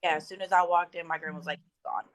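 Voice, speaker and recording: A woman's voice: on the low side, steady tone, racing, dry recording, poor audio. A young woman guest telling a personal story in an emotional, conversational way.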